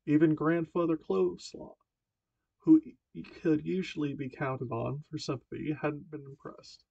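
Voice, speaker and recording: Gravelly man reading a novel aloud. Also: on the high side, level tone, unhurried, dry recording. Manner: stumbling reading with self-corrections. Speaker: amateur audiobook reader. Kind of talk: amateur audiobook narration. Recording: dull dry lo-fi home recording.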